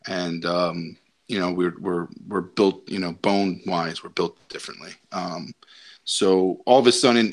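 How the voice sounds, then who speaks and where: A young man with a lowish voice spins a rambling story in casual podcast chat. He talks loosely, full of ums and likes, and breaks into laughter as he goes. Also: fairly bright tone. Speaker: podcast co-host.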